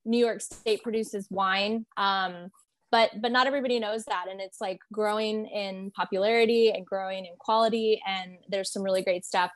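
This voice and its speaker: A woman's voice: mid-range voice, steady tone, normal speed, dry recording. Friendly woman talking wine, dry sound. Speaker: wine guest. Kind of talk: casual chat.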